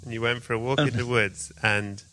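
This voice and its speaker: A man's voice: medium pitch, fairly even intonation, a little fast, sharp tone. A man hosting a podcast interview, playfully spinning a gory comic scenario for his guest. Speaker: podcast host. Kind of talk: casual interview chat.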